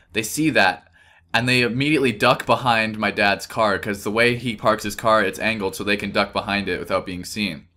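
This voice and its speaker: Young male commentator, lowish pitch with a bright edge, rambling and self-correcting as he tells a story. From Canada. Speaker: gameplay commentator. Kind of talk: casual storytelling over gameplay.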